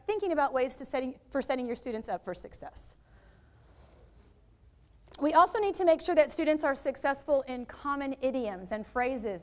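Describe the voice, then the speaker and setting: A middle-aged woman with a high voice runs a teacher training workshop for educators in a room. She's lively and chatty, throwing asides to the audience, and she's heard through a worn microphone.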